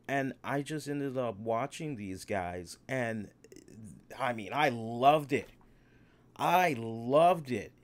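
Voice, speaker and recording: A man hosting a live wrestling aftershow, talking in an animated, rambling way and repeating himself. He has had a beer and is hiccuping a little. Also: mid-range voice. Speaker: wrestling show host. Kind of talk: live solo aftershow review.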